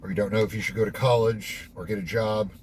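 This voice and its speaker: A man's voice: on the low side, steady tone, quick pace, darkish tone, slight background noise. A young man hosting a casual devotional monologue, candid and reflective, who swears offhandedly. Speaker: host.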